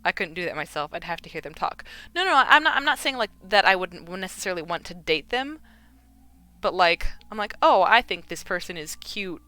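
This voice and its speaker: A woman's voice: on the low side, expressive, a little fast, bright, forceful tone. A woman with a Midwestern American accent chatting casually on a live stream while she crafts, rambling and filling with "like" and "you know.".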